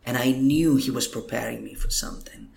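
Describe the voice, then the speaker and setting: A man's voice: mid-range voice, brisk, gravelly, a little mellow. A man, a guest minister, telling an emotional testimony in a podcast interview, earnest and at times dropping to a whisper. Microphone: computer microphone.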